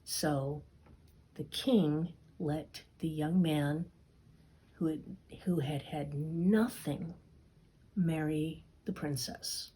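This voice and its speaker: A woman storyteller telling a fairy tale aloud, expressive and dipping into whispers. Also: deep voice, husky. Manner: slow, expressive, dips into whispers. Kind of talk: storytime narration.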